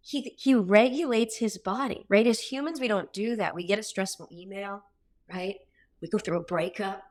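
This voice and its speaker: Blunt, energetic woman coach. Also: medium pitch. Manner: energetic, blunt and casual with swearing. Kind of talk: workshop-style coaching talk.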